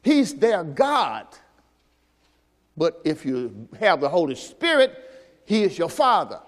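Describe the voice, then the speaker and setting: A male pastor preaching a sermon at a church service, asking rhetorical questions and slowing down to quote scripture with emphasis. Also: on the high side, huge pitch swings, big-room sound.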